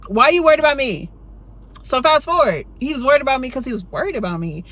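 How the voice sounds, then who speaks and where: A storytime vlogger tells a tale casually in a sing-song, quick voice, chatty and rambling, sprinkling in "you know" and "right?". When acting out her younger self, she jumps high and loud.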